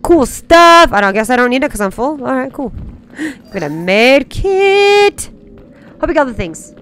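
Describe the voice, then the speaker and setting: Streaming a game live, a young woman chats with viewers in a high, sing-song, fairly bright voice, unhurried yet bubbly and playful. She gasps as she plays, with faint game music under her voice.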